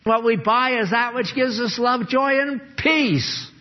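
An older man preaching a sermon, earnest and emphatic, dropping low and grave, then rising to exhort. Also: unhurried, dull audio.

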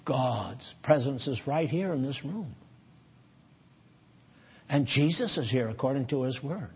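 A man's voice: mid-range voice, expressive, measured pace, slightly rough, muffled recording. A man preaching a sermon in a church, folksy and conversational, chuckling at his own asides.

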